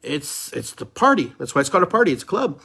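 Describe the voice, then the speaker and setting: Husky man in a fervent podcast rant. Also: fairly high pitch, very animated, fast talker, sharp tone. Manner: fervent, preachy, repeats phrases for emphasis. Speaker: podcast host. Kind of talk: impassioned solo podcast monologue.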